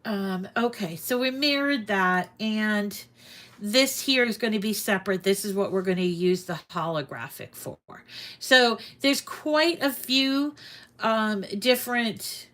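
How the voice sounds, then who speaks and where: A woman's voice: medium pitch, animated, measured pace, a bit bright. A woman hosting a casual crafting tutorial at home, chatty and meandering with frequent ums and restarts, a little out of breath. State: slightly out of breath. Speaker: crafting channel host. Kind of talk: casual screen-share tutorial.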